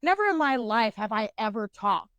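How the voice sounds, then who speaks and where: Young woman podcast co-host with a higher, clear, smooth voice. She's candid and profane, laughs at herself, and rambles through fillers and restarts. Dry, close sound. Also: very animated, moderate pace, a bit bright, no echo. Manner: profane, candid, self-mocking. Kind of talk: casual storytelling chat.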